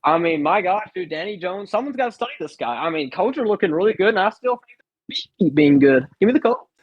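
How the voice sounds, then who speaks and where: A man's voice: high-pitched, animated, quick pace, slightly rough, no room sound, highs cut off. A young man co-hosting a casual sports picks chat, rambling and full of fillers. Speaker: co-host.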